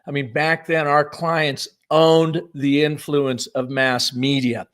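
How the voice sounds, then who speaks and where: Enthusiastic higher-voiced man presenting. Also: flat delivery, slow, a bit bright, clear, resonant tone. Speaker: marketing speaker. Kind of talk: conference presentation.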